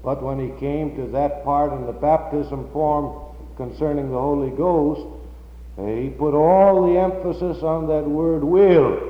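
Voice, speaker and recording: Male pastor, fairly high voice, slow deliberate sermon delivery, dull echoey church-hall recording. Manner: slow, emphatic preaching that rises to loud, high-pitched peaks.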